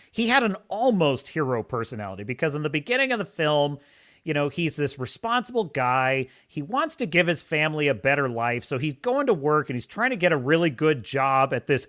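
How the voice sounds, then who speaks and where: A man's voice: on the high side, pushed and bright. A man hosting a podcast, giving opinionated casual commentary in a mocking way and laughing often. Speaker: podcast host.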